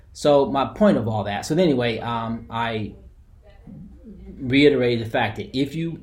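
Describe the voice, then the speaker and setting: A man's voice: medium pitch, normal speed, a little mellow. A man telling a personal story as a heated, profane rant, repeating himself as he goes. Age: adult with a daughter.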